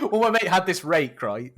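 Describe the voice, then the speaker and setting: A man's voice: sits high, a bit bright. A man co-hosting a podcast, telling a story in casual chat, swearing, laughing and acting out what people said. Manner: swearing, laughing, acts out quoted lines. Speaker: podcast co-host.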